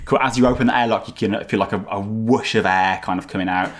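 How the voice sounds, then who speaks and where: A man's voice: fairly low pitch, fairly even intonation, fast. A man running a tabletop game, describing scenes in a loose, rambling way. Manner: rambling, filler-heavy description. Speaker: game master.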